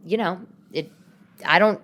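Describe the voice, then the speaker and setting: A woman's voice: lowish voice, measured pace, fairly bright tone. Chatty New woman in her late thirties. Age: late 30s. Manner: chatty, rambling, many restarts. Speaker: podcast host. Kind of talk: casual solo podcast chat. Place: her home.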